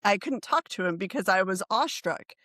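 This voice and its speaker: A woman hosting a podcast, chatting in a lively, friendly way as she tells her own story. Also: mid-range voice, fairly quick, dry recording, clean studio sound. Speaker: podcast host. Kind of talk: conversational interview.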